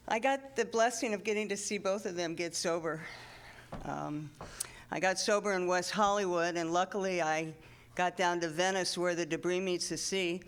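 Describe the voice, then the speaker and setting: A man's voice: high voice, steady tone, normal speed, fairly bright tone, a little hiss or hum. A man sharing a loose, rambling remembrance at a memorial, full of fillers and light chuckles. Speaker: speaker at a memorial gathering.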